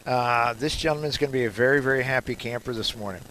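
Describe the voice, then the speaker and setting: Bright-voiced rambling radio host man. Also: mid-range voice, a little hiss or hum, low-quality recording. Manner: rambling and jokey, with many filler pauses. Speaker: radio talk show host. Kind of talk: casual radio chat. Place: live remote broadcast at a garden store.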